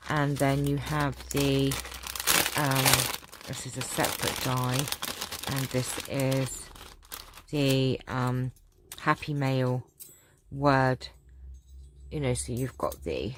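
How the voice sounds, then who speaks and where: A woman with a sore, hoarse throat, chatting casually through a vlog Q&A with lots of ums and throat-clearing. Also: very deep voice, background noise. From England. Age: adult, about to marry. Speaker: crafting channel host.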